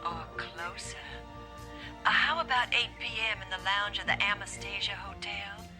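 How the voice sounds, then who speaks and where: An actress playing a seductive, scheming widow who speaks in a coy, breathy, sultry way. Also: female voice, medium pitch, moderate pace, music in the background, lightly acted. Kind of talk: 1980s sitcom acting.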